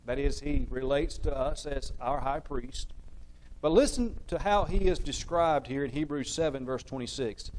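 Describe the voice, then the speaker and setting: A man's voice: medium pitch, normal speed, a little mellow, rough recording. A man preaching a sermon in a church, stressing key words one by one and asking the audience questions, then answering them himself.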